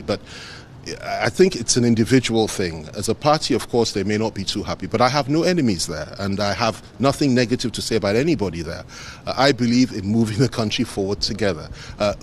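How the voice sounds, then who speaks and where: Man, low voice, emphatic press statement, faint background noise. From Nigeria. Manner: earnest, repetitive, emphatic. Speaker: politician speaking to the press.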